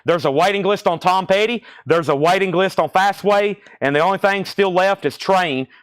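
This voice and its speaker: A man hosting a live vinyl sale stream, a bit out of breath as he rattles off names and prices. His voice sits on the higher side, and the sound is dry and close with little room echo. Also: smooth. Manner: brisk, reads off names and prices. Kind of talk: live-stream sales patter.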